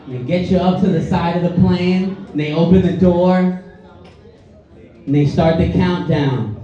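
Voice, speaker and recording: A man's voice: high voice, a little slow. A man from the Bronx with a Bronx accent doing a stand-up comedy set, talking loose and conversational and checking in with the crowd. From the Bronx, New York. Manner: loose and conversational, keeps asking the crowd "you know what I'm saying". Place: comedy club stage. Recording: far-off roomy club mic, muffled, loud crowd. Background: audience laughing.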